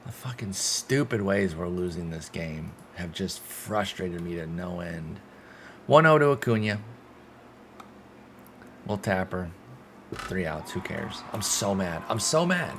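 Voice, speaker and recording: A young man with a fairly low voice narrates his baseball sim game like a play-by-play announcer. He lurches between sulky, muttered frustration and loud excited outbursts, swearing along the way. A steady wash of background noise sits under his voice. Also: slow, long pauses. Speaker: gaming streamer.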